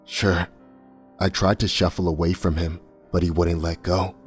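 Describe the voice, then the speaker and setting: A man reading a first-person horror story in a tense, measured way. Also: sits low, level tone. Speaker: narrator. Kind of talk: scripted horror narration. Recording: soft music bed under voice.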